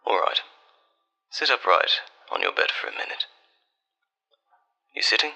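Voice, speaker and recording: A man in a whispered role-play as a boyfriend on a late-night call, soft, tender and reassuring, with breathy whispering. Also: low voice, wildly swooping pitch, a little slow, pauses often, rough recording. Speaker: ASMR artist.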